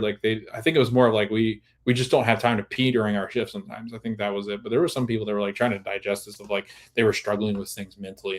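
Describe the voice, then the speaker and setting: A man hosting a podcast, recapping a TV episode in a casual, rambling way with many restarts. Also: mid-range voice. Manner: rambling, full of restarts and "like", laughs at times. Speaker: podcast host.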